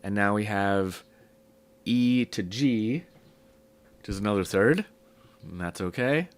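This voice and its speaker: A man teaching music theory in a relaxed, step-by-step way, his voice low and rough from a cold, with many ums. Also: takes it slowly. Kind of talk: casual spoken lesson.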